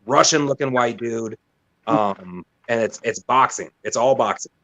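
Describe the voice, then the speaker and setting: A man's voice: medium pitch, unhurried, fairly bright tone, rough recording. A man talking bluntly and insistently in a casual group chat over a voice call.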